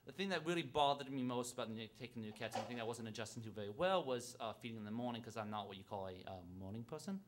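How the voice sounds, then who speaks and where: A man telling a personal story on stage at a live storytelling event, halting and self-deprecating, with lots of fillers and restarts. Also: mid-range voice, animated, background noise.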